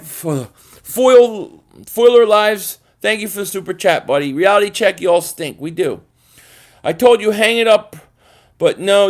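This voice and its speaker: A man hosting a sports fan live stream, ranting in frustration with many stammered restarts. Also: high-pitched. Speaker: sports fan channel host.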